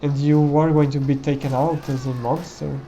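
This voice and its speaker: A man's voice: a little high, little pitch movement, moderate pace, warm tone, muffled recording, faint music behind. A man giving casual gameplay commentary in a reflective, musing way, often tagging his thoughts with "you know.".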